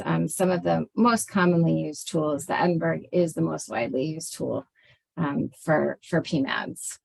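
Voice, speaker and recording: Low, gravelly-voiced woman presenter. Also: no echo, rough recording. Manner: conversational, with frequent fillers. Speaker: program director presenting to peers. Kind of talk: webinar presentation.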